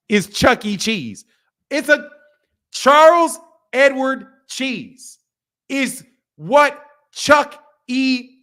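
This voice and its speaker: Male reaction host with a very high voice, swearing, incredulous, circling back to the same point. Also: sharp tone. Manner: profane, incredulous, repeats himself, laughing asides. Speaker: boxing channel host. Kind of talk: casual reaction rant.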